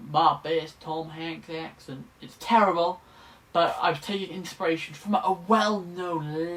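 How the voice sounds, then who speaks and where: A man's voice: fairly high pitch, a little hiss or hum. A young man, chatting casually to camera from his bedroom in a rambling, self-deprecating way. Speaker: vlogger.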